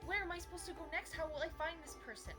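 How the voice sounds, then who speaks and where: A woman's voice: very high voice, rapid-fire, over music. A woman playing in a tabletop game, speaking in a pleading, urgent way. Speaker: player.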